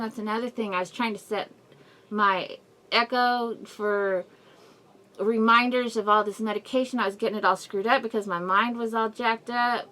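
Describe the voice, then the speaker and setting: A woman's voice: mid-range voice, steady tone, moderate pace, a bit bright. A middle-aged woman giving a casual personal update to her viewers, telling a rambling, emotional story with frequent laughs and sighs, speaking through a face mask. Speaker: vlogger.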